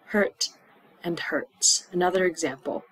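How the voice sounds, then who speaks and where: A woman teaching English to learners, repeating words slowly and acting out aches and symptoms with little groans. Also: lowish voice, husky, no echo, low-quality recording. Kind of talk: slow classroom explanation.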